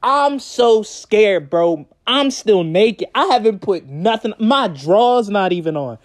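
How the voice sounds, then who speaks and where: A young man telling a story in a casual vlog, animated and profane, often breaking into laughter. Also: sits high, slow. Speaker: vlogger.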